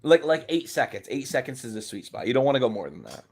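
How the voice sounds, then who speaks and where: Curious man with a lively voice. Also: medium pitch, fast talker, gravelly. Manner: curious, asks many questions, hesitant fillers. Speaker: guest. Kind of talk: casual chat on a call.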